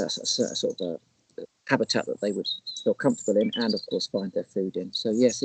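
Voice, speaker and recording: A man's voice: medium pitch, a little mellow, a little hiss or hum, rough recording. A man co-hosting a casual live stream, explaining bird species in a rambling, chatty way with lots of restarts. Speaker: naturalist co-host. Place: outdoors in the countryside.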